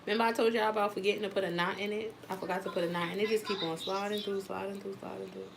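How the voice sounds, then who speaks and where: Woman instructor, casual chatty demo voice, middle pitch, slight background noise. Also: steady tone, rapid-fire. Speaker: wig-making instructor. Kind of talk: live class demonstration.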